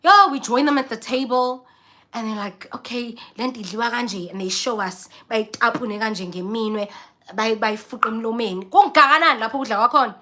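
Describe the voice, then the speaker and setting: A young South African woman vlogger telling a story in a casual, animated way, often acting out the voices of the people in it. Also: fairly high pitch, brisk. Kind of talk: casual storytelling, mixing English and Zulu.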